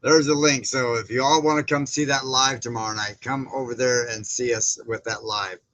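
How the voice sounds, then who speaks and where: The audio is dull with a little hiss or hum as this man hosts a casual livestream in a steady, mid-range, slightly bright voice at moderate pace. He greets viewers by name and reads their comments aloud, rambling with frequent fillers and restarts.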